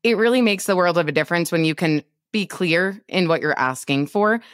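A woman's voice: fairly low pitch, a little fast, dry recording, clean studio sound. Emphatic woman coaching with conviction. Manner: emphatic and animated, laughing often. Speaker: podcast co-host. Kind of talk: casual business coaching chat.

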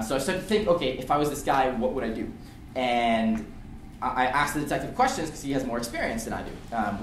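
Animated young man telling a story. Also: medium pitch, slight background noise. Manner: animated, acts out the chase with shouted lines. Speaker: student speaker. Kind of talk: storytelling talk. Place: lecture room. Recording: echoey room, distant mic.

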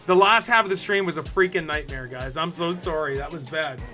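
Excitable Canadian man, bright high voice. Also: fairly quick, faint music behind. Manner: excitable, shouting out viewers. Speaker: streamer. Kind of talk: casual live-stream chat.

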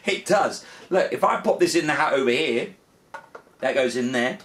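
Brief: male kids' magician, lively swooping delivery, jokey mock frustration. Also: a little high, measured pace, far from the mic, slight background noise. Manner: playful, mock-frustrated, big excited cheers. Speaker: children's magician. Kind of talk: comic magic show patter for children.

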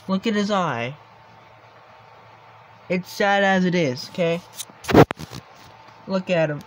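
A man's voice: sits high, unhurried, pauses often, slight background noise, poor audio. A young man vlogging at home, filming his pet on a phone and pleading with viewers in a teasing, then soothing way. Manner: pleading and teasing, drops to soft soothing tones. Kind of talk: casual vlog talk to viewers.

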